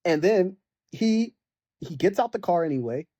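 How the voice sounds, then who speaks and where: A man's voice: high-pitched, lively intonation, moderate pace, dark tone, no room sound. A young man ranting casually about a video game, rambling with lots of fillers and mocking the characters in exasperated bursts. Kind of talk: casual rant.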